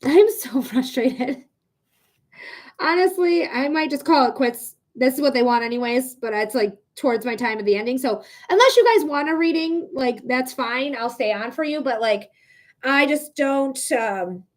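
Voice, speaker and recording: A woman's voice: sits high, moderate pace. A young woman hosting a live psychic reading stream, chatting casually with viewers and venting her frustration with plenty of swearing. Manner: frustrated, swearing, talking to chat.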